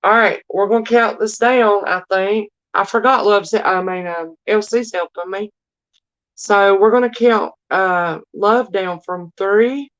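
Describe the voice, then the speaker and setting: A woman's voice: medium pitch, steady tone, a little slow, fairly bright tone, lo-fi sound. A woman with a Southern drawl, chatting casually as she runs a live-stream auction and talks straight to her viewers. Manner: chatty, addresses viewers as y'all and darling.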